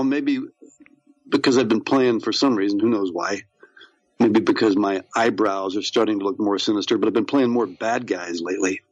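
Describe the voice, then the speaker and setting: A man's voice: medium pitch, no echo, highs cut off. A man, an actor, chatting as a podcast guest, rambling with many fillers and restarts. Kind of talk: casual interview chat.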